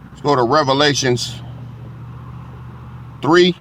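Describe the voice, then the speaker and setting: A man preaching with a blunt, confrontational edge, mixing scripture readings with profane asides. His voice sits at an ordinary middle pitch. He keeps turning to his listeners to make sure they are following. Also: takes it slowly, fairly bright tone, a little hiss or hum.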